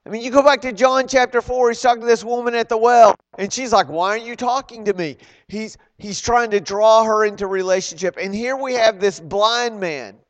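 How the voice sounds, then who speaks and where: Male preacher, high voice, lively sermon delivery with emphatic bursts, quizzes the congregation. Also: normal speed, hardly any pauses. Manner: animated, acts out quoted voices, loud emphatic bursts; asks the congregation questions.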